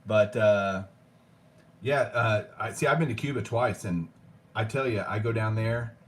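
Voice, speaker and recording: A man hosting a collecting show, relaxed and jokey, poking fun at himself. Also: on the low side, unhurried, a little hiss or hum. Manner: relaxed, jokey, self-deprecating. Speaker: host. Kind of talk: casual chat.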